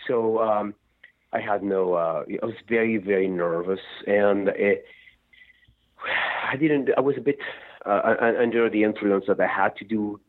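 A man's voice: fairly low pitch, normal speed. A man, a rock singer, talking in a rambling way and often laughing during a radio interview over the phone. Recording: tinny phone line.

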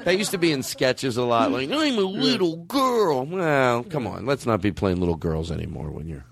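A man's voice: mid-range voice, brisk, creaky. A man hosting a podcast in casual comedic chat, joking and slipping into an ad-read patter. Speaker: podcast host.

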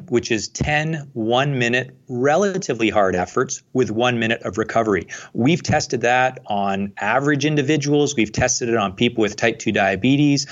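Male expert guest, calm explainer, muffled lo-fi remote audio. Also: medium pitch. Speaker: guest, exercise scientist. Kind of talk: explanatory interview answers.

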